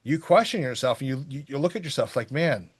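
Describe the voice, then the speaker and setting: Middle aged guy on a movie podcast, rambly and animated, average pitch voice. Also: quick pace, husky. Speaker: podcast co-host. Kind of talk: casual movie review chat.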